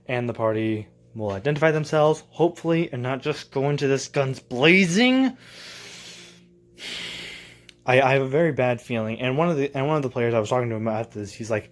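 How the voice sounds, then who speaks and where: A man of ordinary pitch talks casually as a tabletop game master in a home vlog. He rambles and thinks aloud, often correcting himself mid-sentence as he walks through his plans in his basement. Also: a little fast.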